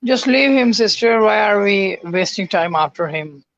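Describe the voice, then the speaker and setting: A man co-hosting a live stream, calm and hesitant, with many pauses and fillers. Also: high voice, creaky, no echo, lo-fi sound. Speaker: livestream co-host. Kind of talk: live-stream moderation talk.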